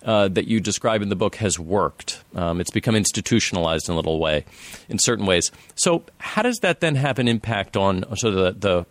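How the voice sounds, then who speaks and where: A man's voice: fairly low pitch, lively intonation, a little fast, dry recording. A man hosting an interview, asking long, rambling questions. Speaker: interview host. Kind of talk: podcast interview.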